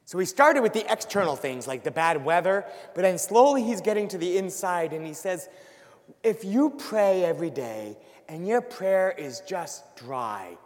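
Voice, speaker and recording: A man giving a lively church talk to a live audience, acting out worried voices. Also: high-pitched, moderate pace. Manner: animated, acts out worried voices. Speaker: Catholic speaker. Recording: long hall reverb.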